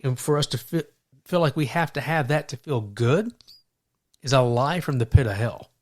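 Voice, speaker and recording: A man's voice: medium pitch, moderate pace. A man co-hosting a Christian podcast, telling stories animatedly, stumbling and repeating words as he starts sentences. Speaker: podcast co-host. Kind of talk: faith podcast conversation.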